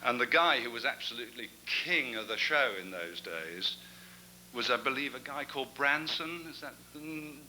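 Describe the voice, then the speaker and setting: A man's voice: mid-range voice, animated, moderate pace, pushed and bright, a little hiss or hum, rough recording. A man giving an after-dinner talk as guest speaker, a chatty storyteller with self-deprecating asides. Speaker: guest speaker at a club gathering.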